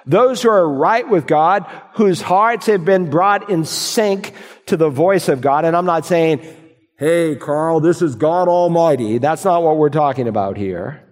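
A pastor preaching a sermon, reading scripture aloud and answering imagined objections from the congregation. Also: male voice, on the high side, lively intonation, moderate pace, long reverb tail.

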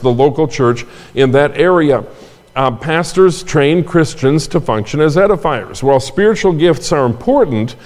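Older guy preaching, talky asides, repeats himself, sounds like a big echoey church hall. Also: a little high. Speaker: pastor. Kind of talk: sermon. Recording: long hall reverb.

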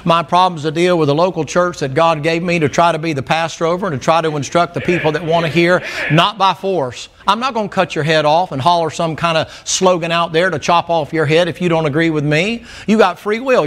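A man's voice: on the high side, brisk, hardly any pauses, fairly bright tone. A middle-aged man preaching a sermon in church, blunt and folksy, telling stories. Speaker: pastor.

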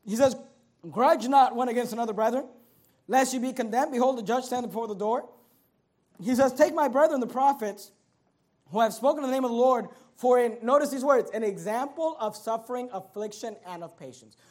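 High-pitched emphatic preaching man. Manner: emphatic, rising to near shouts and dropping low; repeats words and phrases. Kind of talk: sermon.

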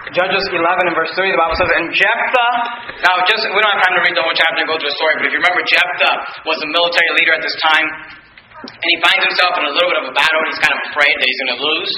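A man preaching a sermon as pastor, reading scripture aloud and acting out the voices he quotes. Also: a little high. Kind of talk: expository sermon. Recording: roomy echo, far from mic, noisy.

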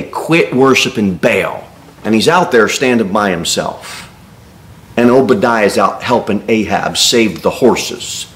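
Animated man preaching a sermon. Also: mid-range voice. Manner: animated preaching, reads scripture aloud and acts out quoted speech. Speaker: pastor. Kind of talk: expository sermon. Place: church sanctuary.

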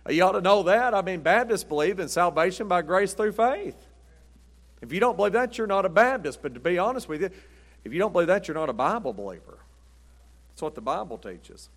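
A man's voice: high voice, sing-song, brisk. A middle-aged man preaching a Baptist sermon in a folksy, emphatic way, with punchy short lines.

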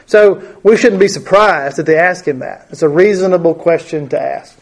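A man's somewhat high voice moves at a moderate pace as he teaches a Bible study. He reads passages aloud and explains them in a chatty way, peppered with fillers and rhetorical questions.

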